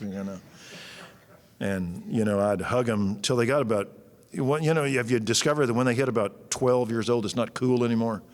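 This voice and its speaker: Folksy preacher in his sixties. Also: fairly low pitch. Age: 60s. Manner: folksy, blunt, joking. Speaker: pastor. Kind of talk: sermon. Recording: long church-hall reverb.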